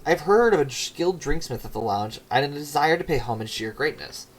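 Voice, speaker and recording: A man's voice: on the high side, expressive, fairly quick, low-quality recording. A man reading an adoring young noble lady from a game, pleading and admiring.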